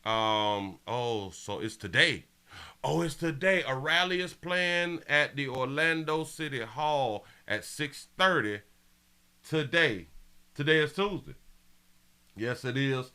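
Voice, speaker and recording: A man's voice: mid-range voice, animated, slow, sharp tone, smooth. A man hosting a live show, giving loose, casual commentary on the news and talking straight to his viewers. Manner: loose, talks to viewers as "y'all", thinks aloud. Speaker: show host.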